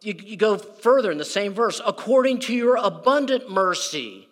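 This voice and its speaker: A man's voice: sits high, animated, moderate pace, fairly bright tone. A man pastor preaching a conversational sermon, often repeating words and acting out quoted prayers. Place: church sanctuary. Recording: reverberant hall.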